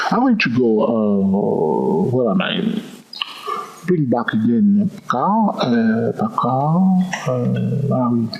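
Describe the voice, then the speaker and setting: A man's voice: mid-range voice, vocal fry, slight background noise. A man teaching a chart walkthrough lesson on trading, counting moves aloud and often checking in with the viewer. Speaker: trading instructor. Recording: dull lo-fi recording.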